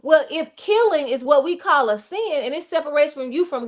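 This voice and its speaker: Brief: high-pitched woman, reverend hosting a streamed faith talk, lively preacher's delivery. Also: normal speed. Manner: animated, addresses listeners directly, acts out quotes. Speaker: reverend and show host.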